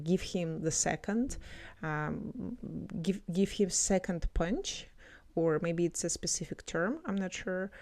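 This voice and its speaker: A woman explains words and phrases in a relaxed, teacherly way, filling her pauses with ums. Her voice sits low for a woman. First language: Russian. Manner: explanatory, many fillers. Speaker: language teacher. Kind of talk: explaining language clips.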